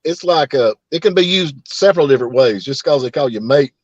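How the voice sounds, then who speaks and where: A man's voice: mid-range voice, animated, brisk, no room sound. A man with a Southern American accent hosting a casual chat, drawling and playful. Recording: dry, dull lo-fi mic.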